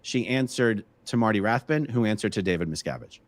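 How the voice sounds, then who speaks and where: A man's voice: lowish voice, lively intonation, fairly quick, no room sound. A man hosting a casual live stream, chatting and answering viewer questions from the chat. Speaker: livestream host.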